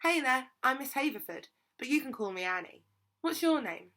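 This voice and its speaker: A woman's voice: high voice, lively intonation, moderate pace, bright, forceful tone, pitched above the performer's own voice. A woman voicing a cheerful, friendly young woman guarding a train door. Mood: cheery.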